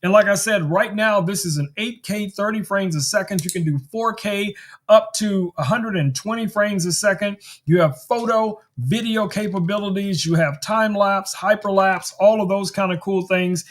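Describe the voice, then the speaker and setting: A man's voice: high-pitched, normal speed. A man hosting a tech live stream, chatting casually to viewers about gadgets, full of fillers, recorded on a desk microphone in a home studio. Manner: chatty, many fillers, addresses viewers as guys. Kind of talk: casual product demo talk. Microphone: desk microphone on a stand.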